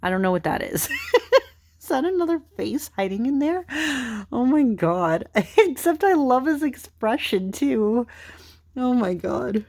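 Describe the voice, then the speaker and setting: A woman's voice: on the high side, very animated, measured pace, gravelly, a little mellow. A young woman casually chatting through a deck of cards, rambling with lots of fillers, giggling, tired and yawning late at night. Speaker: tarot channel host. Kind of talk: casual chatty card flipthrough.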